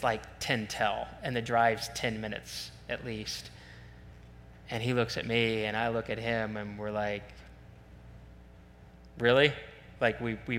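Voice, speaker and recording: A man preaching a sermon, telling a story in a conversational, animated way with self-deprecating asides. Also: mid-range voice. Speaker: pastor. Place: church sanctuary. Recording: long reverb in a large hall, faint hum.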